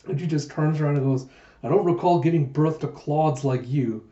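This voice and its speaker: A man reads a manga aloud, narrating each panel and reading the characters' lines in playful voices. His tone is mellow and dark, and the recording sounds muffled and lo-fi, like a home setup. The room around him is echoey. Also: a little high, moderate pace. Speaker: manga reviewer. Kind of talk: animated manga readthrough.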